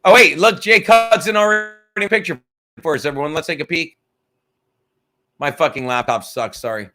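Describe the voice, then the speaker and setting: A man's voice: a little high, normal speed, bright, forceful tone. A man hosting a casual livestream chat, rambling and joking as he tells a story, cursing freely. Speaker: podcast host.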